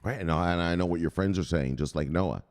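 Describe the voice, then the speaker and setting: A man hosting his own channel, ranting in hyped, profane vlog commentary and punctuating points with shouted exclamations. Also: low-pitched, fast talker. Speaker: crypto channel host.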